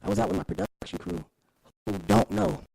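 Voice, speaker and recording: A man's voice: sits high, a little fast, creaky, clean tone, no room sound, rough recording. A young man, a guest actor and filmmaker, talking candidly in a casual chat, emphatic with lots of laughs and slang. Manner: animated, emphatic, laughs often, street slang.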